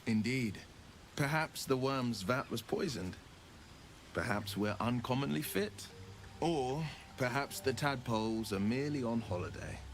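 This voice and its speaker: A man's voice: mid-range voice, measured pace, natural voice. An actor playing an arch, sardonic male adventurer companion with polished, theatrical diction in a video game. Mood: wry. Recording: game audio with faint background noise.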